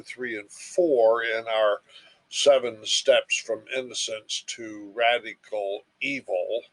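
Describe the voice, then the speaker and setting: A man's voice: medium pitch, fairly bright tone. A man giving a recorded lecture, telling everyday stories in an emphatic, storytelling way.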